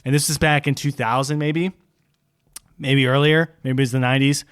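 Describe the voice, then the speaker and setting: A man co-hosting a podcast in casual chat, animated and swearing, laughing often. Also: medium pitch, normal speed, clear, resonant tone, dry recording, clean studio sound. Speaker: podcast co-host.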